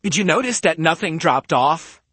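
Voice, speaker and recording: An emphatic man on a home stream who argues his point and keeps checking in with "okay?". His voice sits a little high for a man. He talks right into a close podcast mic, with a dry, roomless sound. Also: lively intonation, moderate pace, sharp tone, husky, dry recording. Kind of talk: casual stream talk. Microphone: studio podcast mic close up.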